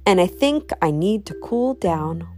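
A man's voice: high-pitched, lively intonation, a little slow, darkish tone. A woman voicing a cheerful, adventurous grandfather in a children's storybook. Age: older. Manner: jolly, upbeat, brave.

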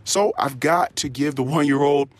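A man's voice: on the high side, normal speed, dry recording. A man rambling through a spoken diary in a crude, profane, ranting way. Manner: animated, swings into mock-excited tones. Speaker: diary podcast host.

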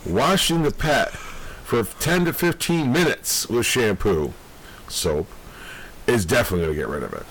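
A man's voice: medium pitch, big pitch swings, moderate pace, a bit bright, breathy edge, low-quality recording. A man with a New York accent co-hosting a podcast, ranting in casual talk, swearing a lot and often breaking into laughter. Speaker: podcast co-host.

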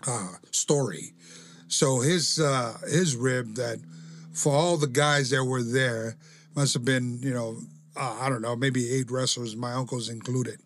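A man hosting a podcast, telling relaxed backstage stories and laughing often. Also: medium pitch, unhurried. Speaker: podcast host, former wrestler. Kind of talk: casual storytelling chat.

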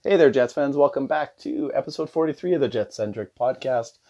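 Man, podcast host, chatty and loose, mid-pitched voice, dull lo-fi sound. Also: a little fast. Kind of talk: casual podcast intro and interview.

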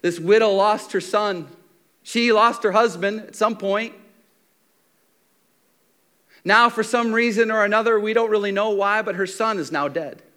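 Animated high-voiced male preacher. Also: normal speed, smooth. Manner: animated storytelling, swings from shouts to near-whispers; acts out the characters' lines. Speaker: pastor. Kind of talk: sermon.

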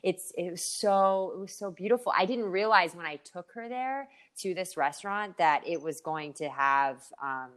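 A woman's voice: fairly low pitch, lively intonation, moderate pace, hardly any pauses. An American woman co-hosting a podcast, telling stories in a playful, chatty way and laughing often. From United States. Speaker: podcast co-host. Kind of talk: casual chat.

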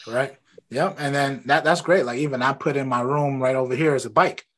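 A man hosting an interview from his home office, talking in a relaxed, rambling way about his own habits. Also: mid-range voice, brisk. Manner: relaxed and talkative, rambling anecdotes. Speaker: podcast host. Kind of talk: casual interview chat.

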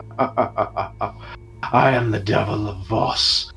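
A man playing a gloating gravelly undead knight. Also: fairly low pitch, drawn-out words, fairly bright tone, faint music behind, exaggerated voice. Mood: grandiose. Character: boastful undead male knight villain.

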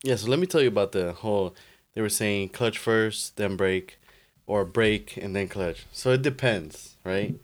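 A man's voice: on the low side, measured pace. A young man co-hosting a podcast, laid-back in casual chat, explaining things step by step with lots of "like". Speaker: podcast co-host.

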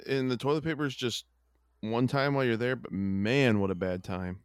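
A man's voice: medium pitch, normal speed, smooth, dry recording, studio quality. A man co-hosting a casual chat, goofy and joking, laughing often. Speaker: podcast co-host.

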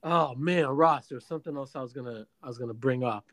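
A man co-hosting a casual chat, animated and joking, exclaiming a lot. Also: medium pitch, brisk. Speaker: podcast co-host.

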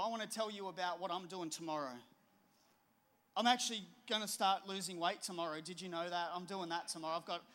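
A man's voice: sits high, bright, forceful tone. A middle-aged man, preaching a sermon with a conversational, storytelling manner. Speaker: pastor.

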